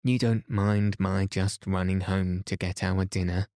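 A man's voice: sits low, fairly even intonation, a little slow, a little mellow, no room sound, clean studio sound. A man voicing a sly practical boy who speaks in an offhand, casual way.

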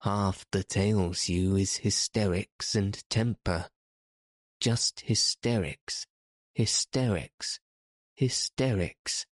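A man's voice: sits low, level tone, takes it slowly, few pauses, no room sound, studio quality. A man reading aloud, voicing a fierce, bossy little girl who scolds sharply. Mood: commanding.

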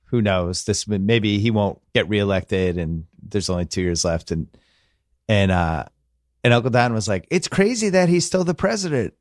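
A man's voice: fairly low pitch, no echo, clean studio sound. A man hosting a podcast in casual chat, telling loose, rambling, joking stories. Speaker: podcast host.

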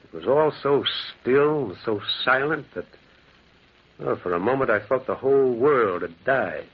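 A brooding, lonely narrator. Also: male voice, medium pitch, animated, moderate pace, slightly rough. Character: lonely male loner who once prospected in the mountains. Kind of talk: 1940s radio acting. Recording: muffled old radio recording with faint hiss.

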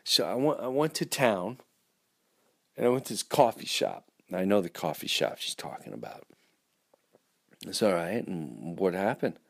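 A man hosting a podcast, telling a dramatic story in an animated, rambling way full of restarts. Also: sits low, moderate pace, gravelly, pauses often. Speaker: podcast host.

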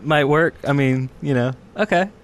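Joking male co-host, faint background hum. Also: fairly high pitch. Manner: joking, drawn-out fillers. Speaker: podcast co-host. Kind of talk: casual podcast chat.

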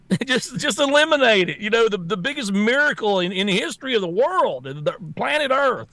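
A male co-host on a political talk show rants bluntly and animatedly, restarting repeatedly. His voice is high and a little fast, recorded dry.

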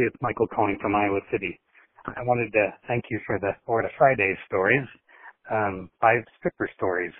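A man with a fairly low voice leaves a meandering, chatty voicemail for a show, chuckling at his own jokes. The phone line is dry and tinny. He talks on at an easy pace. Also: no echo. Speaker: caller. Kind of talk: voicemail call-in.

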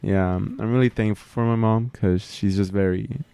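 A young man co-hosting a casual podcast, speaking softly and hesitantly with many fillers. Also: fairly low pitch, fairly even intonation, moderate pace, gravelly, clear, resonant tone, no room sound. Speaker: podcast co-host.

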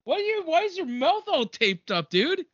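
A man's voice: extremely high pitch, sing-song, normal speed, a bit bright, no echo. A man co-hosting a podcast, playing panicky and whiny in a comedy sketch. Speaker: co-host. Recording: dry, dull lo-fi recording.

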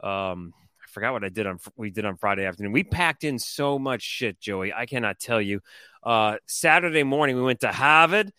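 A man telling a story on a podcast in a casual, animated, profane and rambling way. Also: medium pitch, normal speed, smooth, no echo. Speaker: co-host.

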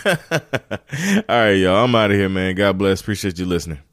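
A man's voice: sits low, moderate pace, fairly bright tone. A man hosting his own podcast, talking casually with lots of slang and "man, you know" fillers. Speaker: podcast host. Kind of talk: casual solo podcast chat.

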